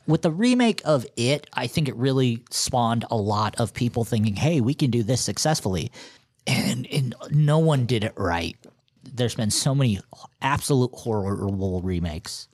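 A man's voice: mid-range voice, expressive, moderate pace, darkish tone, dry recording. Man, dry close sound, podcast co-host, joking, opinionated, casual chat. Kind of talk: casual movie review chat.

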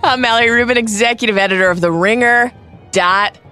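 A woman hosting a podcast, giving the intro in an upbeat, brisk announcing manner with casual banter. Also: fairly high pitch, bright, forceful tone, smooth, faint music behind. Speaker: podcast host.

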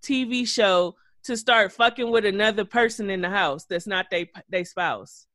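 A man co-hosting a podcast, recapping reality TV in an animated, gossipy way with plenty of cursing. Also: sits high, normal speed, dry recording, clean studio sound. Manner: animated, gossipy, profane storytelling. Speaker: podcast co-host. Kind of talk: casual reality-TV recap chat.

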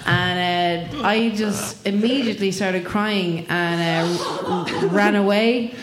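A woman's voice: mid-range voice, unhurried, few pauses. Irish woman rambling thru a funny story, lots of swearing, echoey room with noise. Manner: rambling, laughing, swearing often. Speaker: comedian guest. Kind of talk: comic storytelling before a live audience. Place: live venue with audience. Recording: echoey room, noisy live recording.

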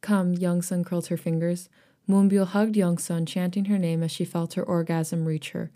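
Woman, podcast co-host, low pitch, mellow tone, casual reading aloud, giggly asides. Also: level tone, normal speed. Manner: reads aloud, breaking into laughter and asides.

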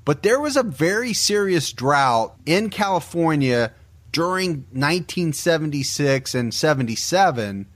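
This is a man narrating true crime from a script in a measured, grave voice, pitched a little above the usual. The sound is dry and close, with no room around it. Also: dry recording. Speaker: podcast host.

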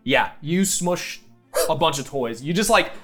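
A man running a tabletop game as game master, narrating in an animated, laughing way. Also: on the high side, measured pace, faint music behind.

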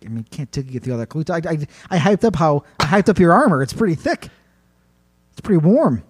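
A man's voice: on the high side, big pitch swings, slightly rough. A man casually telling a creepy folk tale on a podcast, stretching words out for spooky effect and laughing along. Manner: playfully spooky, drawn-out narration, laughs often. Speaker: podcast storyteller. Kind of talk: casual storytelling chat.

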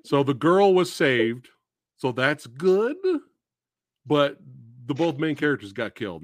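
A man's voice: a little high, big pitch swings, unhurried, no echo, clean studio sound. A man hosting a podcast, chatting casually about movies and ranting with exasperation and profanity. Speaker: podcast host.

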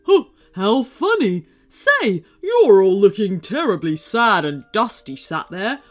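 A woman's voice: medium pitch, sing-song, takes it slowly, faint music behind. A woman voicing a jolly brachiosaurus alien. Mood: cheerful. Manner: cheerful, chuckling, welcoming. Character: friendly giant male brachiosaurus in spacesuit.

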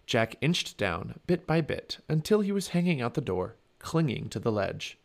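A man's voice: mid-range voice, moderate pace, vocal fry. A man reading a children's chapter book aloud for a family podcast, telling it expressively. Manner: expressive storytelling.

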